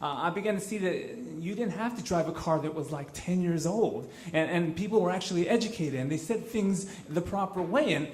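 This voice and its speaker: A man's voice: high voice, expressive, fairly quick, few pauses, darkish tone, a little hiss or hum. A man from Los Angeles telling a true story on stage at a live event, earnest and conversational, often restarting his phrases. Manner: earnest and conversational, with frequent repeated starts. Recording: roomy live venue sound.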